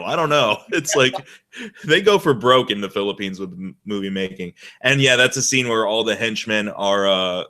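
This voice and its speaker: A man's voice: lowish voice, animated, moderate pace, pushed and bright. A man hosting a casual movie chat, laughing often and talking enthusiastically with lots of "like". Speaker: podcast host.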